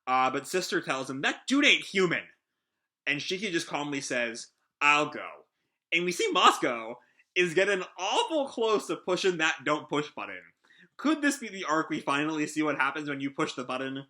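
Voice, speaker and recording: A man's voice: fairly high pitch, big pitch swings, moderate pace, sharp tone. Chatty young man reading manga aloud. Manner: chatty, many fillers, reads dialogue with small voice shifts. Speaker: manga reaction channel host. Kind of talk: casual live reaction, reading panels aloud.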